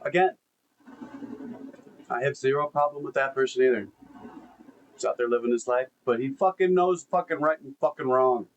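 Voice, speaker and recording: A man's voice: medium pitch, normal speed, long pauses, highs cut off, a little hiss or hum. A man hosting casual reaction commentary, blunt, laid-back and profane.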